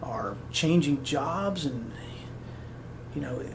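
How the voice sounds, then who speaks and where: A man's voice: a little high, slow, vocal fry, background noise. A man hosting a podcast, giving a motivational talk and acting out the voices he quotes. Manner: animated, acts out quoted voices. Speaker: podcast host.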